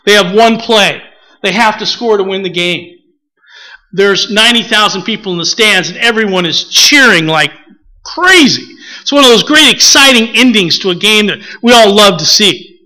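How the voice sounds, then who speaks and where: A man from the preaching a relaxed, conversational sermon, often pausing with filler words and acting out little stories. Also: high-pitched, low-quality recording. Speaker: pastor.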